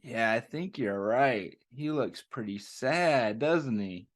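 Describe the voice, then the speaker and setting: A man hosting a children's story time, reading a picture book aloud and asking the kids gentle questions as he goes. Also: medium pitch, animated, takes it slowly.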